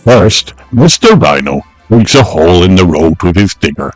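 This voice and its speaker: A man reading a children's storybook aloud in a slow, sing-song narration. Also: sits low, sing-song, faint music behind. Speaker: storybook reader.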